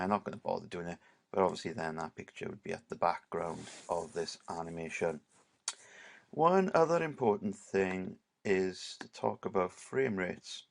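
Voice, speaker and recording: A male teacher with a low voice and vocal fry gives a casual, screen-recorded software tutorial, leaning heavily on "right" and "obviously".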